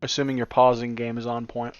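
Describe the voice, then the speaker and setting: A man's voice: medium pitch, little pitch movement, quick pace, clear, resonant tone, dry recording, lo-fi sound. A man streaming a game, chatting casually and joking with viewers. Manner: chatty, joking, reads on-screen lines aloud.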